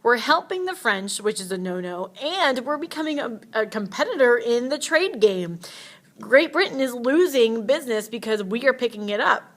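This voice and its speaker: Woman teacher doing a history lecture, chatty and casual, a bit high-pitched. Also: lively intonation, moderate pace, fairly bright tone. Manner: casual and chatty, with playful asides.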